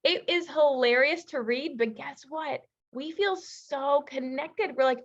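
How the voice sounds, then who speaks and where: A woman's voice: high voice, unhurried, few pauses, lo-fi sound. Woman coach teaching a relationship masterclass. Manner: lively storytelling, casual fillers. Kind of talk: masterclass teaching with personal stories.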